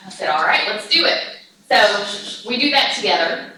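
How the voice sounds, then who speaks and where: A woman with a Texan accent presents to a conference audience. She talks chattily and slips into quick quoted voices as she retells her conversations. Her voice sits a little high and is picked up from far off in a strongly echoing room with noise in the background. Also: lively intonation, sharp tone. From Texas. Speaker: conference speaker. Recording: echoey room recorded from afar, noisy.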